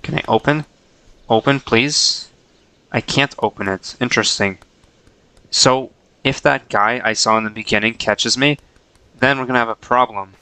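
A man's voice: medium pitch, steady tone, normal speed, pushed and bright, clean tone, dry recording, rough recording. A man casually chatting to himself while streaming a game, playful and chuckling.

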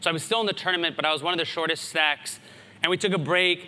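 On stage in a big conference hall, an American man in his thirties delivers a storytelling keynote, his voice echoing with a long reverb. A fast talker, he sounds very bright, forceful and clean, a bit high for a man. He keeps things lively with animated anecdotes and asides to the crowd.

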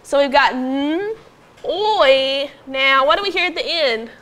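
A woman teaching a phonics lesson to young pupils in a classroom, patiently prompting them and sounding out words slowly. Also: sits high, expressive, a bit bright, slight background noise. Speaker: elementary school teacher.

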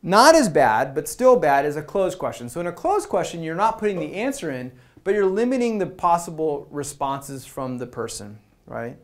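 A man giving a presentation at a meetup. He talks to the audience in a conversational, energetic way and acts out quoted lines. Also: fairly high pitch, normal speed, hardly any pauses. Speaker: product management speaker.

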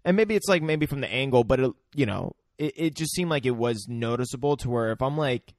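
A man's voice: mid-range voice, animated, fairly quick, dry recording, studio quality. Hesitant young man in casual chat. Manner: hesitant, full of restarts and fillers. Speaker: podcast co-host.

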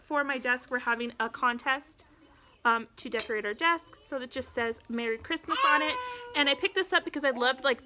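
Young mom vlogger, high voice, a bit breathless, chatty, noisy home recording. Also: female voice. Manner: chatty, keeps breaking off to talk to her toddler. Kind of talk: casual show-and-tell chat. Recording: home video with background noise.

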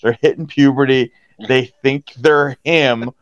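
A man who works as a hockey referee, chatting casually in an interview and acting out quotes from players with big jumps in his voice. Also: measured pace. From Pittsburgh area, USA. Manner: animated storyteller, acts out quotes with jumps in pitch. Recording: dry, slightly dull podcast audio.

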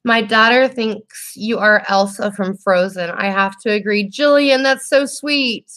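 A young woman hosting a casual makeup livestream, reading viewer comments aloud and talking in a warm, teary, laughing way. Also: mid-range voice, unhurried. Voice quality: emotional, teary and laughing, says y'all.

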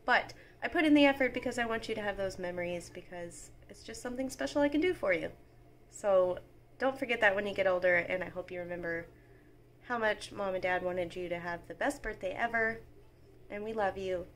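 A woman's voice: mid-range voice, a little fast, slight background noise. A woman, talking casually and sentimentally to the camera at home as a mom vlogger. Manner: chatty and sentimental, talks straight to the viewer.

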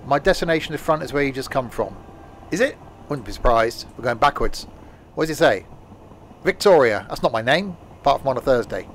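A man chats loosely as he plays a game live, wandering off into silly jokes and asides. His voice sits at an ordinary middle pitch, picked up on a home desk microphone with a faint hiss behind it. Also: animated, a little fast, a bit bright. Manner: rambling, jokey, talks to himself and chat. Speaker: game streamer. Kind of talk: casual live-stream chatter while playing.

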